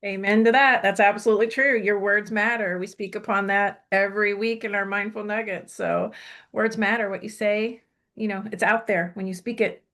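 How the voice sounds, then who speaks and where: A woman's voice: mid-range voice, fairly even intonation, moderate pace, fairly bright tone. A woman hosting a talk show, chatting casually and effusively, often repeating her thanks. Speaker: show host. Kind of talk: casual chat.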